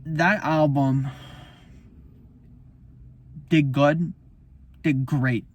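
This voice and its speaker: A man's voice: a little high, steady tone, drawn-out words. A man, a musician, talking about his album in a casual, profane, heated rant. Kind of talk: casual unscripted monologue.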